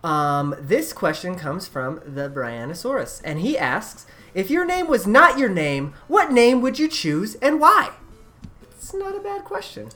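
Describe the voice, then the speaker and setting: A woman hosting a casual gaming podcast, easygoing and quick to laugh. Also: mid-range voice, big pitch swings, fairly bright tone, faint music behind. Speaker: podcast host.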